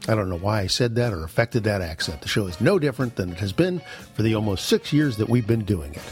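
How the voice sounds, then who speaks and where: A man's voice: on the low side, expressive, fast talker, darkish tone, faint music behind. A man hosting a comedy podcast, talking in a folksy, chatty and self-mocking way. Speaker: podcast host. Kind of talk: casual podcast talk.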